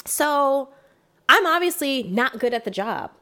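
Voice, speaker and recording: A young woman telling a work story in casual chat, emphatic and animated, acting out what she and others said. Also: high-pitched, unhurried.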